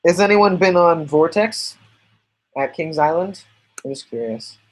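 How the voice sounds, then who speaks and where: A man's voice: a little high, expressive, a little slow, low-quality recording. Chatty man hosting a livestream podcast. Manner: rambling, chatty, answers viewers' questions. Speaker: podcast host reading live chat. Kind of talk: casual livestream chat.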